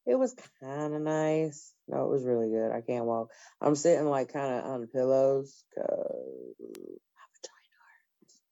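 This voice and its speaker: A woman's voice: extremely low pitch, lively intonation, normal speed, hardly any pauses, mellow, no room sound. A woman hosting a stream, talking in a blunt, profane casual chat. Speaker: stream host. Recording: dull lo-fi dry sound.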